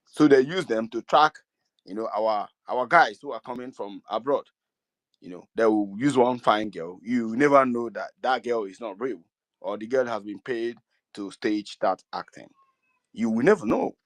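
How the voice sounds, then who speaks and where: A man's voice: mid-range voice, normal speed, no echo. A middle-aged Igbo man with a Nigerian accent, speaking earnestly to an online meeting and pleading with his listeners. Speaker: community speaker.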